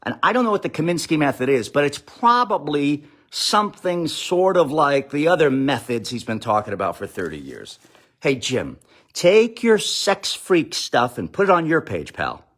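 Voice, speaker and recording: A man's voice: fairly high pitch, big pitch swings, moderate pace, fairly bright tone. A middle-aged man delivering a sarcastic, rambling comic monologue on a live stream, reading out viewer comments and mocking quotes. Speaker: comedian streaming live to followers. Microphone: phone or webcam live stream.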